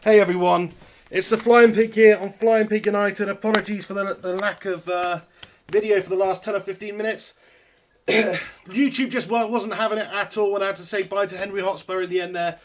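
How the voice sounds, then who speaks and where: A young man hosting a live post-match football reaction stream, chatty and excitable, a bit out of breath. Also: high-pitched, moderate pace, a little hiss or hum. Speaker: football fan channel host.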